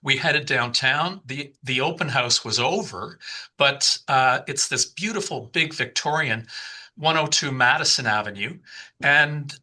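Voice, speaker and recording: A man's voice: medium pitch, a little slow, pushed and bright. A man in his sixties, a podcast guest telling a long personal story, often repeating words and restarting his sentences. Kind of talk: storytelling in conversation.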